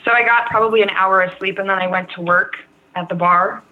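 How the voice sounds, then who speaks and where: A woman's voice: medium pitch, steady tone, a little fast, a little hiss or hum. Frank young woman on a tinny remote line. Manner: rambling, frank, heavy use of "like" and "um". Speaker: guest. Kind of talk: candid personal story in an interview.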